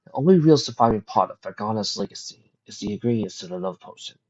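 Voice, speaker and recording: A woman voicing a calm, protective father pony in a storybook reading. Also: a bass voice, husky, muffled recording, exaggerated voice. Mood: solemn. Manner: soft, soothing, measured.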